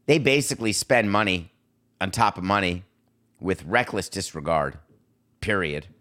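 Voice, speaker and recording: Animated sarcastic sports talk man. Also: low-pitched, normal speed. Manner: animated, sarcastic, mocking voices and singing. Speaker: podcast host.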